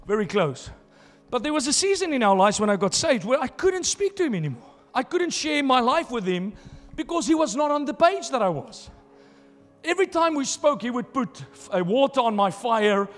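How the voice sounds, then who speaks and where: A male pastor with a very high voice preaches emphatically, hammering home his points with repeated phrases. His voice rings through a reverberant church hall while soft music plays behind him. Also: big pitch swings, normal speed. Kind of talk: sermon.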